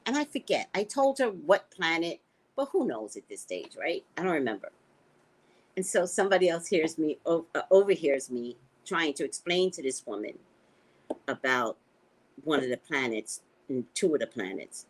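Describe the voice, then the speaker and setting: An American woman hosting a casual livestream, chatting with viewers and telling stories in a playful, profane, animated way. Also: normal speed, low-quality recording. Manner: animated storytelling with sharp pitch jumps, profane and playful. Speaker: psychic and livestream host. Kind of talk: casual livestream chat reading comments.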